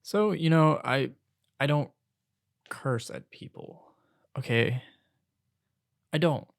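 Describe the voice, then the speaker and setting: A young man hosting his own podcast, ranting casually about retail work and college. He swings between loud outbursts and hushed asides. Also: a little high, takes it slowly, creaky, no room sound, studio quality. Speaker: podcast host.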